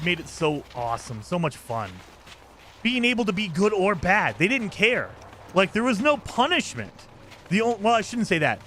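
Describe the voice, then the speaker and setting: Male game streamer, rambling casual chat, highish pitch, very animated intonation. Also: slight background noise. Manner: rambling, enthusiastic, thanks viewers for gifts.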